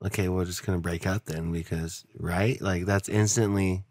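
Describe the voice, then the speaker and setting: A young man with a somewhat low voice co-hosts a podcast in loose, rambling chat, swearing freely. He acts out the people he quotes in a much higher pitch. His voice sounds dry and close to the mic. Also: steady tone, normal speed, a little mellow, no room sound. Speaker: podcast co-host. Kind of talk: casual chat.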